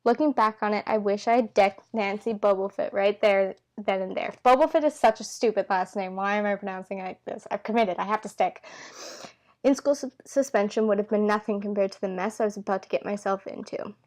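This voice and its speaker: A woman's voice: mid-range voice, fairly quick. A woman reading a novel aloud in a casual, unpolished way, tripping over words and correcting herself, with the characters' lines in her own voice. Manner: stumbles and corrects herself with asides. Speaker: amateur reader.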